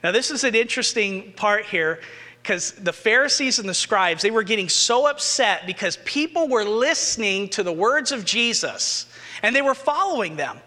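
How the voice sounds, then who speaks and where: A male pastor preaching a sermon, retelling scripture with animated, rising emphasis. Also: sits high, moderate pace, long reverb tail.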